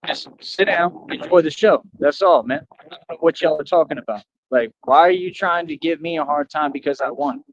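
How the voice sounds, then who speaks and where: A man's voice: a little high, fairly quick, highs cut off. A man ranting on a livestream, boastful and defiant, falling back on "like I said" again and again.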